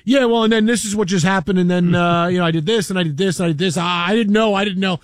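A man's voice: sits high, fast, no room sound, studio quality, lightly acted. A man doing a cocky New York prank caller. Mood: cocksure. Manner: brash, rambling, overconfident. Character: cocksure male prank caller, young adult.

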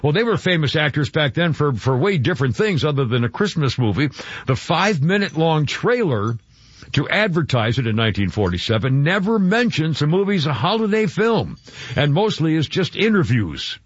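A man's voice: on the high side, very animated, moderate pace, slightly rough, no room sound. A man hosting a casual radio talk show, rambling and laughing easily as he chats with callers. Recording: dull lo-fi radio broadcast.

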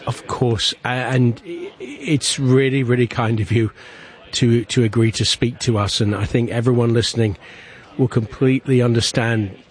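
Gentle male interview host. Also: mid-range voice, normal speed, breathy edge. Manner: gentle, stammering restarts. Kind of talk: broadcast interview.

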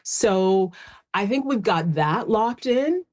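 A woman's voice: mid-range voice, animated, slow pace, a little mellow. A woman talking on a panel in a chatty way, often saying "you know". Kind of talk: panel discussion.

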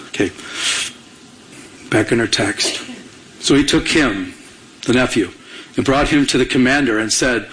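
Conversational preacher man with a higher voice. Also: lively intonation, moderate pace, a bit bright, poor audio. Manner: conversational, asks the congregation to fill in words. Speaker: pastor. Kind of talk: sermon.

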